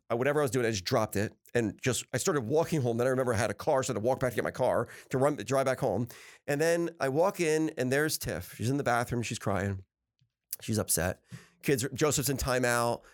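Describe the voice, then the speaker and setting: A man hosting a podcast, telling personal stories in a casual, animated and upbeat way, often laughing as he talks. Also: mid-range voice. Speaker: podcast host. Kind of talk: casual storytelling chat.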